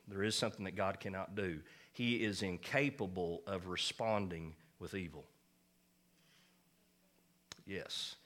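A man's voice: fairly low pitch, a bit bright. A man preaching a sermon as pastor, emphatic and folksy, mixing jokes with insistent points.

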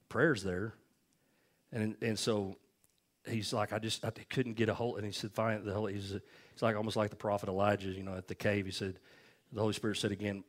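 A male pastor preaching a sermon, telling stories in a folksy, animated way. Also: on the low side, brisk.

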